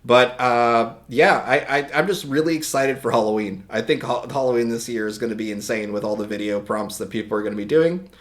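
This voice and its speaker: A man hosting a livestream, talking casually and rambling with many restarts, his voice a little hoarse today. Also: mid-range voice, brisk, few pauses. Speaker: livestream host. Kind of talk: casual stream chat.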